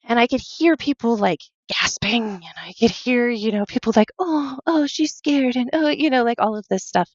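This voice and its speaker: A woman guest on a podcast telling a personal story earnestly, halting often and quoting her own thoughts. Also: on the high side, dry recording, lo-fi sound. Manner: earnest, halting, with many fillers and quoted self-talk.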